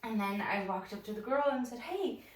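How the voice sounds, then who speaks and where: Brisk and a little high-voiced, a fitness instructor chats her way through a meandering story during a morning stretching session. She turns animated when performing the story, and the recording sounds roomy and far off.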